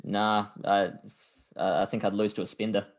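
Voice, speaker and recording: A man, a podcast guest in casual chat, telling stories in a laid-back, self-deprecating way with halting restarts. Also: on the low side, flat delivery.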